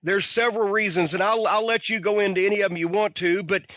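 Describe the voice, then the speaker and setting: Host: man, high and bright voice, dry studio sound, emphatic and opinionated. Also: fairly even intonation, no room sound. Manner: quick, emphatic, opinionated, occasional swearing. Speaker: podcast host. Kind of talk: podcast interview.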